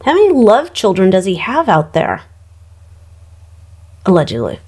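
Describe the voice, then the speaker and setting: Chatty woman, irreverent tarot reader, mid pitch, gossipy asides. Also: wildly swooping pitch, a little slow, a little mellow, husky. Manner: gossipy, irreverent, frequent ums and laughs. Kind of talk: casual chatty tarot reading.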